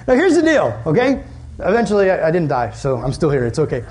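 High-voiced young man giving a youth sermon. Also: quick pace. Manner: animated storytelling, many "like" fillers. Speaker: youth pastor.

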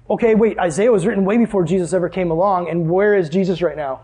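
A young man teaching a Bible lesson to a group, animated and asking the class questions. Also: sits high, fast talker, hardly any pauses, husky.

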